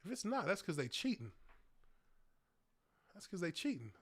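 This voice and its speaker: A man in his thirties giving casual live-stream commentary, excitable and hyped, laughing often. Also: sits high, moderate pace.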